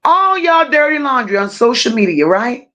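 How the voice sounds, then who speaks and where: A woman hosting a live-stream true-crime commentary. She rants emphatically and confrontationally, leaning hard on her stressed words and pausing to thank viewers in the chat. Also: on the high side, big pitch swings, sharp tone. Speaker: livestream commentary host.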